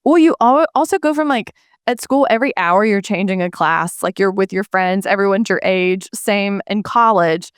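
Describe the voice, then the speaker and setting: A woman co-hosting a podcast in casual chat, animated, often laughing and saying "like.". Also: mid-range voice, moderate pace, clean tone, no echo, clean studio sound. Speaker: podcast co-host.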